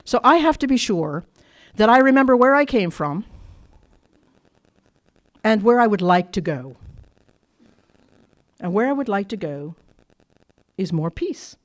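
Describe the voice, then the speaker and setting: A woman's voice: medium pitch, big pitch swings, a little slow, pauses often. A woman from Ireland, speaking to a recovery meeting and telling her story bluntly and candidly, with frequent laughter. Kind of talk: personal recovery talk to an audience. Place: workshop meeting room.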